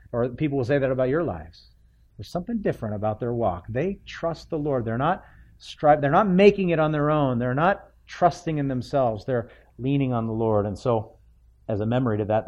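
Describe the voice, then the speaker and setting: Man preaching an expressive sermon. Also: medium pitch. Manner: expressive, acts out biblical characters' voices.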